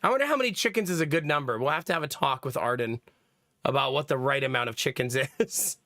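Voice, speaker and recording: A man's voice: mid-range voice, fast talker, bright, forceful tone, dry recording, clean studio sound. A young man hosting a livestream, chatting casually to his viewers, rambling from topic to topic and laughing often. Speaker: livestream host. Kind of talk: casual stream chat.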